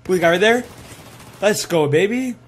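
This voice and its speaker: A young man giving live commentary while playing a shooter game, excitable and swearing, sometimes saying he is tired. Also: high-pitched, normal speed, breathy edge. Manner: excitable, swears, yells at kills. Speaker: gaming streamer.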